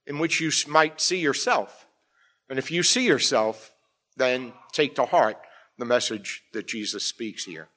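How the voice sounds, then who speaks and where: A man's voice: medium pitch, a bit bright. A middle-aged man preaching a sermon, emphatic, often checking in with his listeners with "all right?". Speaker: pastor.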